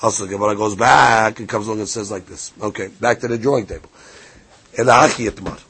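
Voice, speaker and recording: A man's voice: lowish voice, fairly even intonation, quick pace, fairly bright tone, breathy edge. A man teaching a daily Talmud class, reading the text aloud in Hebrew and Aramaic and then explaining it in English. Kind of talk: Daf Yomi Talmud class.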